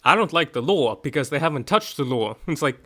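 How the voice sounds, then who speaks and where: A man's voice: a little high, expressive, brisk, pushed and bright. A man hosting a livestream, chatting casually, laid-back, joking and swearing, half asleep. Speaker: streamer host.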